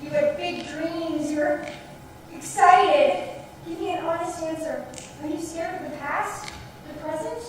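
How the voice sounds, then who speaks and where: Young woman as a pleading young woman, very high voice. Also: measured pace, slight background noise. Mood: searching. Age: young adult. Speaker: stage actor. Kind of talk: live theatre performance. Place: theatre stage. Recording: echoey hall, heard from far off.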